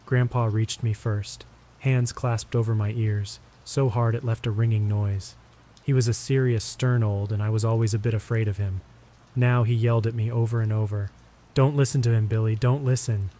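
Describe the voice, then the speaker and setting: A man narrating horror stories in a steady, measured, scripted delivery. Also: fairly low pitch, a little hiss or hum. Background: rain.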